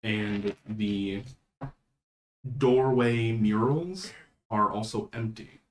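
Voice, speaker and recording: A man narrating a tabletop game as game master, setting scenes at a measured pace. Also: on the low side, a little hiss or hum. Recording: roomy echo.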